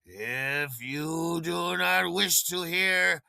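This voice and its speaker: A man's voice: fairly high pitch, creaky, bright, forceful tone, no echo, pitched above the performer's own voice, exaggerated voice. A man putting on a drunk, ranting woman caller. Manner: slow, overly formal, ranting.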